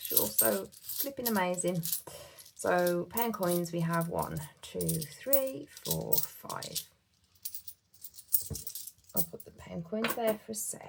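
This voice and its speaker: A woman's voice: medium pitch, creaky, heavy background noise. A woman from the UK chatting casually to her viewers about her budget at home, heartfelt and full of fillers. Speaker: budgeting vlogger. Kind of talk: casual chat to camera.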